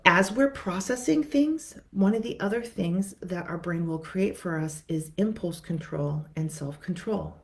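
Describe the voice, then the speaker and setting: A middle-aged woman therapist talks viewers through a lesson in a lowish, gravelly voice. She speaks conversationally, repeats and restarts her words, and briefly acts out what her clients say. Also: measured pace, hardly any pauses. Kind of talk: teaching talk to viewers.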